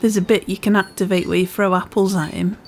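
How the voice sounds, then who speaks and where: Speaking fast in a mid-range voice with little pitch movement, a woman commentates casually on a game she's playing. The gaming channel host has a part Scouse, part Welsh accent and keeps up a chatty, self-deprecating let's-play.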